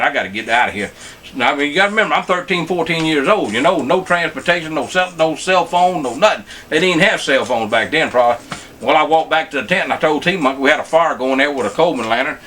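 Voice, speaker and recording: A man's voice: fairly high pitch, a bit bright, slight background noise. A middle-aged man telling a story in a folksy, casual way, with "man" and "I tell you what" again and again. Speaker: show regular telling a story.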